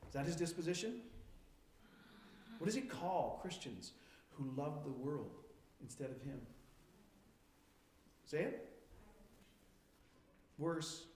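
A higher-pitched man delivers a sermon to his congregation, peppering them with questions. He swings between hushed, reflective lines and loud, emphatic ones, and his voice rings around a roomy church hall. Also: expressive, slight background noise. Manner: asks the congregation rapid questions, shifting from quiet to emphatic. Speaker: pastor.

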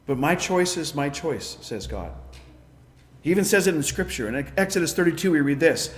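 A man preaching a sermon, emphatic, swinging between loud declarations and quiet asides. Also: fairly high pitch, lively intonation, normal speed, reverberant. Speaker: pastor.

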